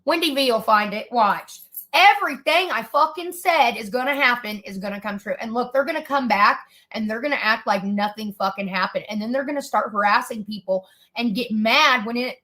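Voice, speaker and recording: A high, bright-voiced woman ranting in angry reaction commentary. She is profane and scornful and talks over the clip. Her tone is sharp and cutting. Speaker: commentary streamer.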